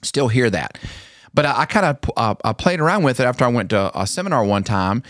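A man hosting a podcast, chatting casually and acting out quoted lines with lively jumps in his voice. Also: quick pace, no room sound, studio quality. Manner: animated storyteller, acts out quotes with pitch jumps. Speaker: podcast host.

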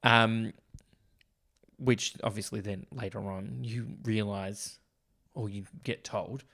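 A man, co-hosting a casual film discussion podcast, chatty and animated with quick jokey asides. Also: lowish voice, vocal fry. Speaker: podcast co-host.

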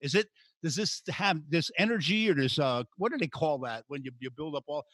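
A man hosting a podcast, telling lively stories and acting out quotes in a raised voice. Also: on the high side, a little fast, a crowd in the background. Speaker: podcast host. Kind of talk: casual storytelling chat.

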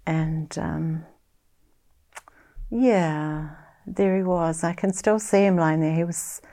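A middle-aged woman with a New Zealand accent speaks in a fairly low voice. She tells her own story as an interview guest, halting and reflective. Her delivery stays soft-spoken throughout. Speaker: guest sharing personal story.

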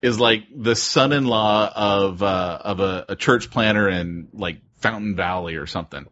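Man, podcast co-host, husky voice, laughing storyteller, lo-fi sound. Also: fairly low pitch, fairly bright tone. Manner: laughing storyteller, quick asides. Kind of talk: casual chat, storytelling. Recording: dull lo-fi podcast audio.

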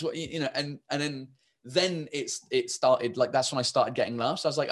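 An English stand-up comedian chats casually in an interview, rambling with lots of restarts and fillers. His voice is medium-pitched, a little fast, and somewhat bright.

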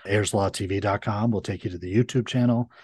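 Male attorney guest, quick-talking and low-voiced, dry close recording. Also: steady tone, darkish tone, husky, no room sound. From Connecticut, USA. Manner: brisk, chatty storyteller. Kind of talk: casual interview chat.

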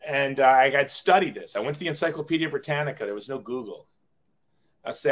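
A man's voice: medium pitch, lively intonation, fast talker, fairly bright tone. A man in his forties, a guest telling his life story in a casual, self-deprecating way, often acting out quoted dialogue.

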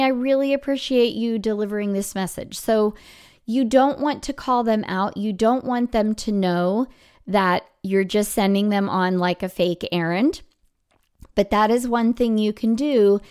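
A woman's voice: medium pitch, a little mellow, clean tone. A middle-aged woman hosting a podcast for music teachers, giving casual advice and acting out what she says to students. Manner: chatty, acts out classroom quotes.

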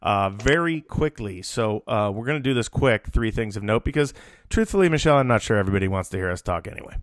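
A man co-hosting a sports podcast in casual chat, talking quickly and breaking into animated rants. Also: lowish voice, no room sound, studio quality. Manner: animated, ranting bursts. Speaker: podcast co-host.

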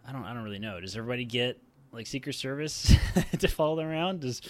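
A man co-hosts a podcast in casual chat, talking fast with a mid-range, slightly bright voice and lively intonation. He fills his speech with fillers and keeps restarting sentences.

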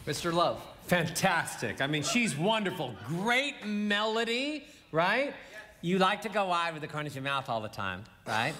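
A man with a fairly high voice coaches a speaker on vocal delivery, acting out voices to illustrate. The sound carries a long reverb from a large room. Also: big pitch swings, normal speed, pushed and bright. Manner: demonstrative, acts out voices to illustrate points. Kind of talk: live feedback on vocal delivery.

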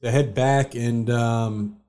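A man's voice: mid-range voice, slow pace. A man co-hosting a sports podcast, casually joking and asking questions. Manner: lively, asks questions, joking. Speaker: podcast co-host.

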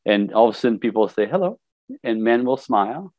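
A man's voice: lowish voice, fast, no echo, dull audio. An older man, a life coach, talking casually in an interview and acting out what people say to him. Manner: animated storyteller, acts out quotes. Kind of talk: conversational interview.

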